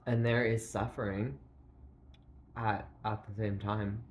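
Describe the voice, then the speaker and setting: A man with a very low voice drifts slowly through a philosophical monologue, leaning on filler words and pausing mid-thought. He clears his throat now and then as he searches for words. A faint hiss of noise sits under the recording. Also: little pitch movement. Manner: meandering, full of "like", halting pauses and throat clearing.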